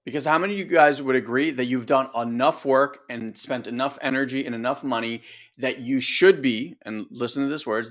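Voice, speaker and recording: A man's voice: medium pitch, a bit bright. A male coach giving a motivational talk, emphatic and direct, peppering the audience with rhetorical questions.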